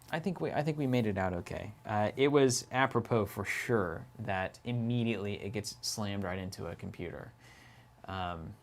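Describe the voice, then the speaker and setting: A man co-hosting a card game stream from an office, chatting casually, laughing often and reading viewer comments aloud. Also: fairly low pitch.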